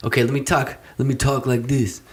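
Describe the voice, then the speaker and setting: A man's voice: mid-range voice, flat delivery, brisk. A young man co-hosting a podcast, chatting loosely and profanely, laughing and breaking into freestyle rhymes. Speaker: podcast co-host. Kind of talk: casual podcast chat with freestyle rapping.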